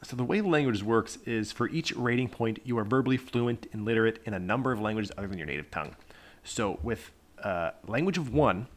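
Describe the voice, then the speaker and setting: A man's voice: lowish voice, animated. Man running a tabletop spy game. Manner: quick, explanatory, joking. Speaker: game master.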